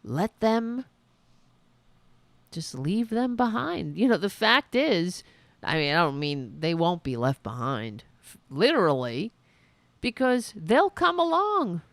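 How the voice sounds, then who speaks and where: A blunt, sarcastic woman with a New York accent hosts a commentary podcast. She talks at an unhurried pace, her pitch swooping widely between high and low, and her voice sounds close and dry with no room echo. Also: very animated. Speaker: podcast host. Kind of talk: opinionated commentary on clips.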